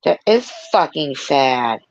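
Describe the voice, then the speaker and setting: Gravelly, sentimental woman vlogging. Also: low voice, big pitch swings, slow, highs cut off. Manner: sentimental, rambling, self-explaining. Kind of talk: casual vlog, reading a children's book aloud.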